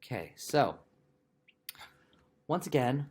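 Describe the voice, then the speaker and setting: A man teaching a recorded language lesson in a chatty, playful way, with quick asides to the viewer. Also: medium pitch, expressive. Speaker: Spanish teacher.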